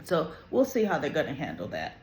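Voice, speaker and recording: A host giving an animated, opinionated casual review of a soap opera episode, with frequent "you know" and "right?" asides. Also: medium pitch, brisk, roomy sound. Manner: animated, opinionated, quotes characters in lively voices.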